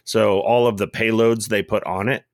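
A man's voice: lowish voice, steady tone, moderate pace, no room sound, studio quality. A man co-hosting a casual podcast, telling rambling stories with lots of fillers and restarts. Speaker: podcast co-host.

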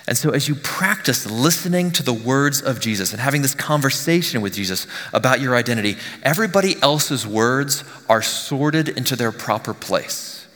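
A male pastor giving a conversational sermon, often dropping to a hushed near-whisper on key lines. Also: medium pitch, expressive, moderate pace, hardly any pauses, long reverb tail. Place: church sanctuary.

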